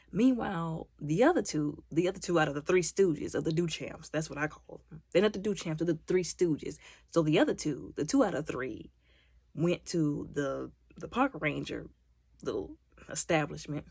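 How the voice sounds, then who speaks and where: Husky low-voiced woman recapping a movie. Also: normal speed, no room sound. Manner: animated storytelling, acting out characters' lines; exasperated, mocking commentary. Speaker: movie reviewer.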